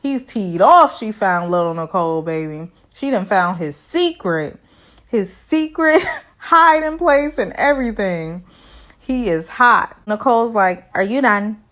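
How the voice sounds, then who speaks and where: A young woman giving a casual, sassy recap of a reality show, full of animated asides to her viewers. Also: medium pitch, measured pace. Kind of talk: casual review commentary.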